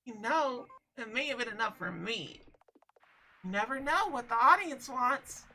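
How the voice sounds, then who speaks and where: A woman's voice: a little high, animated, measured pace, bright, forceful tone, exaggerated voice. A woman voicing a cruel, cheerful young woman who runs a show trial, reading game dialogue aloud in a mocking, theatrical way. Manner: mocking, theatrical, coolly sadistic.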